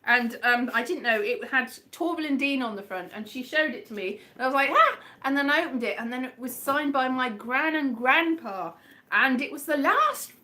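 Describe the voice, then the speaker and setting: West Country woman comic, livestream chat host, rambling and self-mocking, bright high-ish voice. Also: expressive, normal speed. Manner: rambling, self-deprecating, chatty. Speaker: comedian hosting a livestream.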